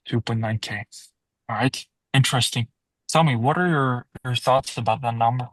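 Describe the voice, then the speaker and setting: A man playing a salesperson in a sales roleplay, calmly asking questions and restating the answers. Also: mid-range voice, moderate pace, dry recording, rough recording.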